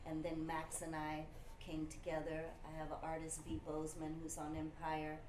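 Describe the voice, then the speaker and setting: A woman with a fairly low voice talks casually, spinning an animated story with many "you know"s. The room is echoey, with a faint hiss behind her. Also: moderate pace. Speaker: music industry manager. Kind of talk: casual conversation.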